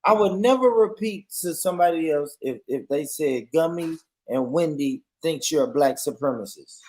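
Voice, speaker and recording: A man's voice: fairly high pitch, normal speed, a little mellow. A man, a live stream guest who insists on his point, stammering and repeating himself. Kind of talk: casual live stream debate.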